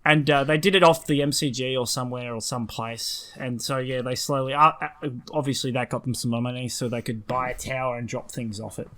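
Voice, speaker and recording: An Australian man co-hosting a casual podcast chat, telling animated stories and laughing often. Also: mid-range voice, a little fast, few pauses. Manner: animated storyteller, mimics voices, laughs often. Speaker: podcast co-host.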